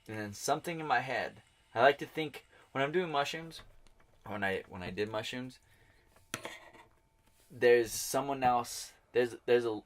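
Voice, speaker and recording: A talkative young man co-hosting a casual podcast, telling stories in an animated way and swearing freely. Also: medium pitch, measured pace, long pauses. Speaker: podcast co-host. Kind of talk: casual chat.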